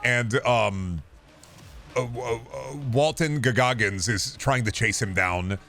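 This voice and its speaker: A man's voice: medium pitch, slow, pushed and bright, soft background music. A man streaming a game, chatting casually and opinionatedly about movies, swearing often. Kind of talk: casual chat while gaming.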